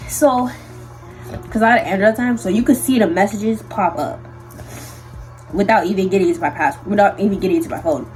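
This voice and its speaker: Animated young woman telling a storytime. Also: medium pitch, a little fast, long pauses, faint music behind, low-quality recording. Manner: animated, slangy storytelling with many fillers. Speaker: vlogger. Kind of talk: storytime vlog.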